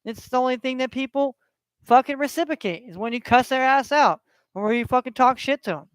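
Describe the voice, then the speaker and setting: Man, middle-aged, sports stream host, high voice, dry close sound, profane and repetitive. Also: brisk, clear, resonant tone, no echo. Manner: profane, blunt and repetitive, heated when passionate. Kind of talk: solo livestream rant and score updates.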